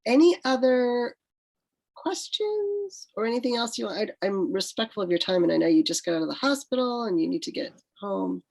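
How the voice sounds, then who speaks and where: Woman professor, moderator, gravelly voice, lively pitch, courteous, supportive. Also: fairly quick, poor audio. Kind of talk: interview questions.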